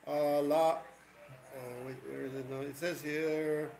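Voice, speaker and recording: A man's voice: on the high side, little pitch movement, unhurried, creaky, a little mellow, reverberant, a little hiss or hum, rough recording. A man hosting a casual live stream, rambling and greeting viewers by name. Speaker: livestream host.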